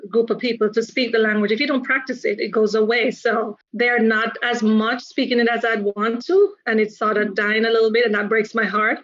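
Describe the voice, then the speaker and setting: A woman's voice: on the high side, fairly even intonation, fairly quick, few pauses, a bit bright, dry recording. A middle-aged woman from Jamaica, a guest chatting casually in an interview, rambling and correcting herself with frequent laughs. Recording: dry, slightly dull sound.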